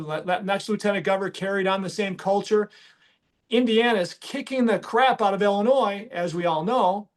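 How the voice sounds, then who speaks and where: A middle-aged man, hosting a casual podcast and talking emphatically with many restarts. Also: high voice. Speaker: podcast host and business owner.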